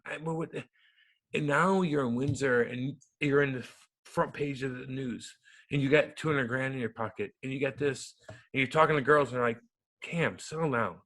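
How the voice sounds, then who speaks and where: Man, thirties, interview guest, profane storyteller, loud bursts and mumbled asides, mid-pitched voice. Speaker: guest, former hockey enforcer and radio host.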